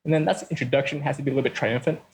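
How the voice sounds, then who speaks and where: A man's voice: mid-range voice, steady tone, racing, soft background music, poor audio. A man hosting a let's-play, giving casual commentary and explaining his design choices step by step.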